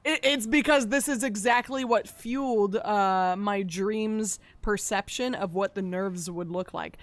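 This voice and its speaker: A woman streamer in casual chat, rambling through a long story with loose swearing and sudden loud, excited bursts. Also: mid-range voice, a little slow.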